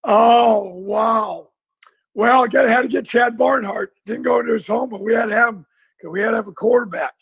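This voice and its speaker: Man, gravelly husky voice, high pitch, former coach, animated storytelling, dry sound. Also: moderate pace, no room sound, rough recording. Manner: animated storyteller, acts out dialogue. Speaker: former football coach, guest. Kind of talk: casual storytelling interview.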